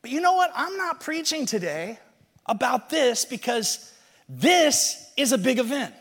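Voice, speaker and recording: A man preaching in a loose, animated storytelling style. His voice sits high. A long hall reverb follows his words around the room. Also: unhurried, breathy edge. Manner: casual, animated storytelling with slang. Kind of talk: sermon.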